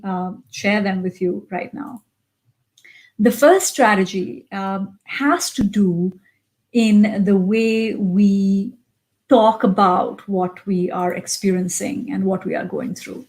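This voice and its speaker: A woman executive coach giving a motivational self-help talk in an expressive, conversational way, with frequent pauses. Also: mid-range voice, rough recording.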